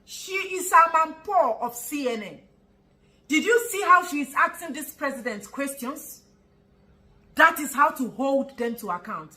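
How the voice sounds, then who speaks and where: A woman with a Nigerian accent in an angry vlog commentary, scolding with rhetorical questions, mocking laughs and bursts of shouting. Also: high-pitched, animated, measured pace, rough recording.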